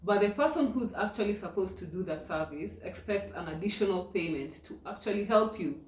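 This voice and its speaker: A woman, a guest in a casual chat, complaining in a deliberate, puzzled way. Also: mid-range voice, lively intonation. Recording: echoey room.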